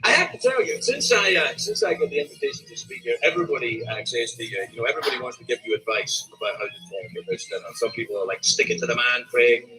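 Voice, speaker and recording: Lively Scottish man doing stand-up. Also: mid-range voice, rapid-fire, hardly any pauses, soft background music, low-quality recording. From Scotland. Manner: animated, jumps to sudden shouted outbursts. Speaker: comedian. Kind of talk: stand-up comedy speech at a dinner.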